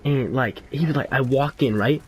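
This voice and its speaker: A teenage boy chatting over a video game, his voice sitting at an ordinary middle pitch. He rambles, restarts sentences and fills gaps with "like" and "uh". He speaks in crude, casual slang, with a faint hiss of noise underneath. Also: normal speed, low-quality recording. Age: teens. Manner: rambling, many fillers and restarts; crude slang, laughs often. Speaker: gaming YouTuber. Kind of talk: casual gameplay commentary with storytelling.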